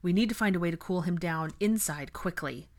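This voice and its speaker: A woman's voice: on the low side, brisk, a little mellow, natural voice. Draco, a brusque young wizard, read by a woman. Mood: firm. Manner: firm, clipped orders.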